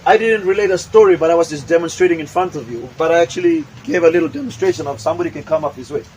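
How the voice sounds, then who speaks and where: Male motivational speaker, high-pitched, emphatic delivery with acted-out demos, faint room hiss. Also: very fast, darkish tone, poor audio. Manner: emphatic, repetitive, acts out examples. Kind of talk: motivational talk with acted demonstrations.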